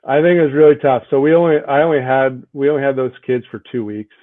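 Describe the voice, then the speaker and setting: An earnest man answers interview questions at a steady, mid-range pitch, often checking in with the listener as he goes. His voice comes through a narrow, tinny phone-like line with no room sound at all. The effect is like a guest calling in remotely. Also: fast, no room sound. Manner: earnest, tags "right? like" often. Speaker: guest hockey coach.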